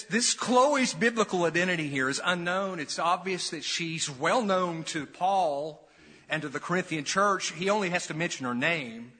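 A man's voice: on the high side, pushed and bright, husky. A middle-aged male pastor preaching an expository sermon, emphatic, building in intensity and putting questions to his congregation. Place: church sanctuary. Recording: long reverb of a church hall.

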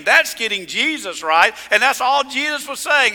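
A male pastor preaching a sermon with emphasis, swinging from loud declarations to hushed lines. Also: high-pitched, animated, normal speed, hardly any pauses, long reverb tail.

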